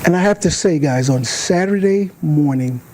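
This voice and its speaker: In a meeting hall with a noisy background, a man gives a storytelling speech to a club as a guest speaker. He speaks at a moderate pace in a fairly high voice, animatedly performing the voices of his characters.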